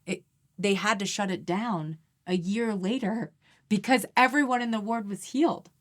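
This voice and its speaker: A woman's voice: mid-range voice, normal speed. A woman guest on an interview, talking about energy healing in an earnest, emphatic, persuading way. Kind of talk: conversational interview.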